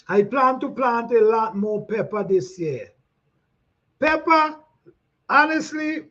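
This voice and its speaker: High-voiced laid-back man. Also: a bit bright. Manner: laid-back, repeats phrases, laughs often. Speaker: gardening channel host. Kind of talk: casual live chat reading comments. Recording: dull lo-fi sound.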